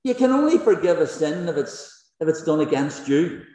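A man's voice: fairly high pitch, very animated, normal speed, mellow, voice pushed up. A man voicing an indignant wronged man who protests that only he can forgive, heard with echo from a large hall. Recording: echoey hall reverb.

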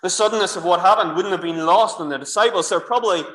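A Northern Irish minister preaching through a clip-on mic, his high, bright voice ringing around a roomy church. He tells the story in a lively, chatty way, turning often to the children and the congregation. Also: fast. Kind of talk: sermon. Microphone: clip-on microphone. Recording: echoey church room.

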